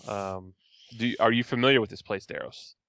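Male tabletop player, low, smooth voice, dry close sound, hesitant delivery. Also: normal speed, fairly bright tone. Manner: hesitant, stumbling over words. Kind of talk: in-character tabletop role-play.

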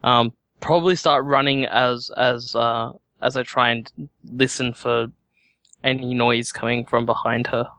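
A man's voice: medium pitch, fairly even intonation, measured pace, sharp tone, no room sound. A man playing a tabletop game, hesitant and full of ums and likes. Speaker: player.

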